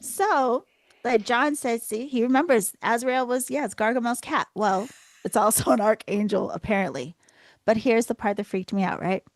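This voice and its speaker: A woman's voice: fairly high pitch, moderate pace, no room sound. A woman hosting a podcast, telling a story in a casual chat and acting out her own reactions. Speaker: podcast host.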